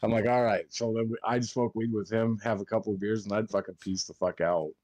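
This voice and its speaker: Young male co-host, lowish voice, dry close sound, rambling profane storyteller. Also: little pitch movement, fast talker, a little mellow, no room sound, highs cut off. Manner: rambling, heavy swearing, acts out quotes. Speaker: podcast co-host. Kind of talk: casual storytelling chat.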